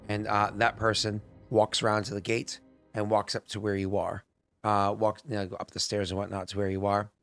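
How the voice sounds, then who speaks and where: Low-voiced man running a tabletop game. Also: fairly bright tone. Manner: rambling, many fillers. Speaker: game master.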